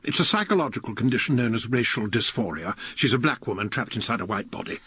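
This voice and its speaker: An actor playing a sociopathic older academic father in a radio comedy, dry and deadpan. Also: mid-range voice, fast, breathy edge, exaggerated voice.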